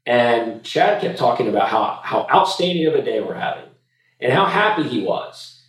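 A man's voice: medium pitch, very animated, moderate pace. A man, a podcast guest, telling a story in a reflective, conversational way, often restarting his sentences. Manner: reflective, repeats words when starting sentences. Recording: roomy room, distant mic.

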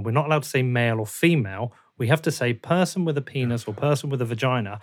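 A man's voice: mid-range voice, fast talker, hardly any pauses. A man hosting a remote interview, talking in an emphatic, indignant way. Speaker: interview host. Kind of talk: conversational interview. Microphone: video call.

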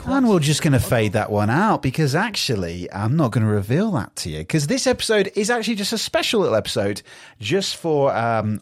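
A man's voice: medium pitch, no room sound. A man hosting a solo podcast, talking upbeat and rambling into a studio podcast microphone. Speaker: podcast host.

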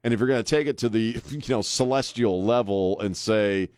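A man's voice: fairly low pitch, moderate pace, a little mellow, clean tone, no echo. A man hosting a talk radio show, speaking bluntly and sarcastically with frequent hesitant fillers, in a studio at a microphone. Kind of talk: opinionated talk radio monologue.

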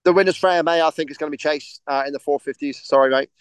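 A man's voice: fairly high pitch, fairly even intonation, fast talker, smooth, dry recording. A man co-hosting a casual podcast chat, rambling and hesitant with lots of restarts. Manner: rambling, hesitant, full of ums and restarts, laughs easily. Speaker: podcast co-host.

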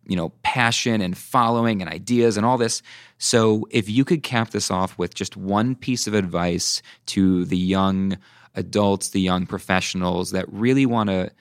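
Low-voiced podcast host, upbeat and encouraging, dry close mic. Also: male voice, dry recording. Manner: enthusiastic, affirming interviewer. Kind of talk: podcast interview.

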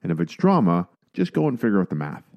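A man co-hosting a coaching podcast in casual, emphatic chat, at times mimicking complainers in a high voice. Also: huge pitch swings, fast talker, lo-fi sound. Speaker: podcast co-host.

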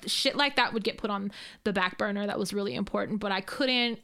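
A woman in her thirties co-hosting a podcast, with a voice of ordinary pitch. She talks in a loose, chatty way, laughs easily and swears often. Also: brisk, pushed and bright, clear, resonant tone. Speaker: podcast co-host. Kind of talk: casual chat.

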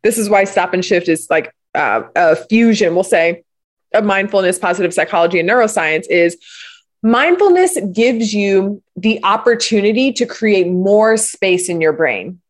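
A woman guest in a conversation, telling stories and explaining ideas with animated enthusiasm. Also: mid-range voice. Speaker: guest, parenting coach. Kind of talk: conversational interview.

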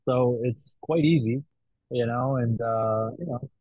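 A man who works in the cigar business, chatting on a podcast in a relaxed, appreciative way. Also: mid-range voice, unhurried, dry recording, dull audio. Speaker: podcast co-host, cigar maker. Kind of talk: casual chat.

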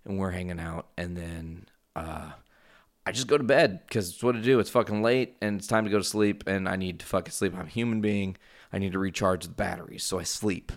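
A man's voice: low voice, brisk. A man hosting a casual solo podcast from his home, rambling and swearing freely as he drifts off on tangents. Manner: rambling, profane, goes off on tangents. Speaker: podcast host.

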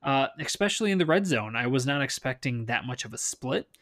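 Guy with hiccups chatting fantasy football, dry sarcastic jokes, mid pitch. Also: expressive, brisk, a bit bright. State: has the hiccups. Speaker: fantasy football podcast co-host. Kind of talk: casual sports chat.

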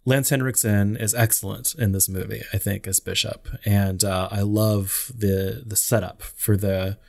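Low-voiced man rambling about a film. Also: fairly even intonation, a little slow, gravelly, a little mellow. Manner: rambling, frequent "you know" fillers. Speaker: podcast co-host. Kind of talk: casual film discussion.

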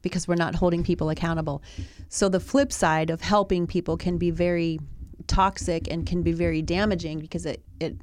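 A woman's voice: fairly low pitch, steady tone, a little fast, hardly any pauses, a little mellow, a little hiss or hum. A woman in a talk show, telling a personal story in an earnest, reflective way with many restarts. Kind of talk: conversational storytelling.

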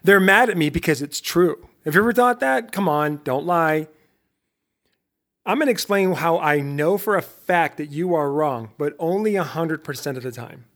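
A middle-aged man hosting his own podcast, giving a lively motivational talk straight to his listeners, full of rhetorical questions and self-interruptions. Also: on the high side, normal speed. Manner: self-interrupting, laughs at himself. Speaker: podcast host.

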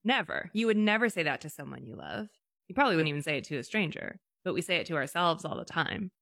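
A woman's voice: deep voice, big pitch swings, quick pace, vocal fry, fairly bright tone, no echo, studio quality. A woman co-hosting a podcast in a candid, chatty way, with some casual swearing. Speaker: podcast co-host. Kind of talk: casual interview conversation.

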